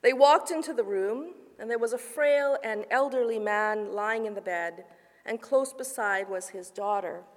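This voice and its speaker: A woman's voice: a little high, unhurried. Woman pastor preaching in an echoing church. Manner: storytelling, shifts between lively asides and hushed narration. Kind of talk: sermon. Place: church sanctuary. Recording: long reverb of a church hall.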